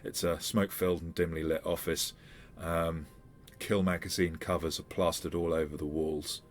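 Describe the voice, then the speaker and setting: A man's voice: deep voice, little pitch movement, normal speed, soft background music. A man narrating a tabletop role-playing game as game master, hesitant, with many restarts.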